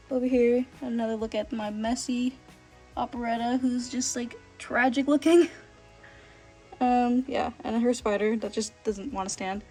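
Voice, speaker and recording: Chatty young woman, slightly high voice. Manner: gushing, lots of filler "like". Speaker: vlogger, doll collector. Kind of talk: casual show-and-tell chat.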